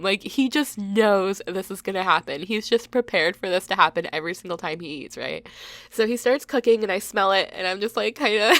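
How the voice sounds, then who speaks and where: A woman's voice: medium pitch, fairly bright tone, no room sound. A woman in her thirties with a congested, stuffy nose, chatting casually and laughing at herself while telling a story over gameplay. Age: 30s. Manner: chatty and self-deprecating, laughs often. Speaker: gaming channel host.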